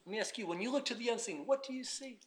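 A man preaching a sermon, dropping to hushed asides and rising to shouted emphasis. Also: extremely high pitch, very fast.

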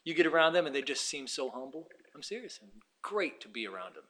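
Bright-voiced preacher man. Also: fairly high pitch, big pitch swings, fairly quick. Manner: swings from hushed asides to shouted emphasis. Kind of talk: sermon.

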